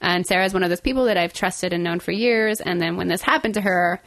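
A woman's voice: lowish voice, fast talker, fairly bright tone, dry recording. A woman hosting a podcast in casual chat, rambling and jokey with frequent giggles, getting over a cold. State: has a cold. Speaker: podcast host.

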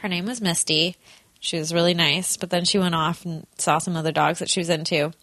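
A young woman chatting casually and telling stories, animated and giggly, with lots of fillers. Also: fairly low pitch, a little fast, no room sound. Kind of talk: casual chat, storytelling.

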